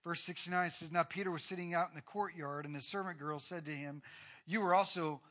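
A man preaching a sermon, retelling a Bible story with swings from hushed to loud. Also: on the high side, fairly even intonation, fast talker. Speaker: pastor.

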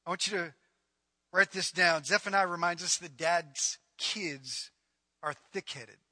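Bright, high-voiced preaching man. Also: little pitch movement, moderate pace, no room sound. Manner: emphatic, conversational preaching with repetition. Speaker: pastor. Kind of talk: sermon.

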